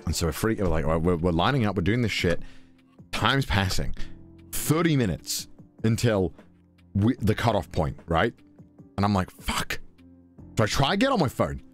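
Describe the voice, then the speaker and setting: A young British man tells a travel anecdote in a casual, animated way. His pitch swings widely, jumping into high squeaks when he acts out his own panic, and he swears freely. Faint music plays underneath. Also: normal speed. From Britain. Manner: swearing, mimics voices, high-pitched exclamations. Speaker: podcast storyteller.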